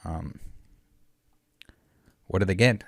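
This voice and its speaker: A man's voice: deep voice, takes it slowly, vocal fry, slightly rough, no echo, clean studio sound. A man hosting a collectibles commentary vlog, rambling and sarcastic with many filler words. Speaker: collectibles channel host.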